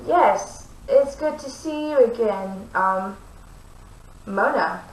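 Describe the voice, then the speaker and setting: A woman's voice: a little high, animated, takes it slowly, roomy sound, poor audio. A woman reading a storybook and voicing a kind, shy young baker who is polite and easily flustered.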